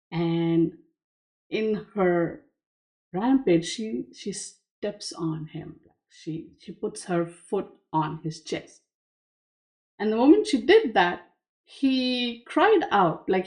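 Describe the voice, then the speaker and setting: A woman tarot reader retelling a myth to explain a card's image, unhurried and full of asides. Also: mid-range voice, darkish tone.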